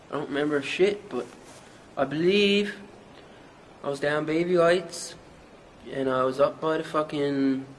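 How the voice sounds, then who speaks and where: An actor with a Newfoundland accent playing a young small-town rapper who rambles through a hazy, profane story in an interview. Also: male voice, on the high side, a little hiss or hum, close to an everyday voice, low-quality recording. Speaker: mockumentary interviewee.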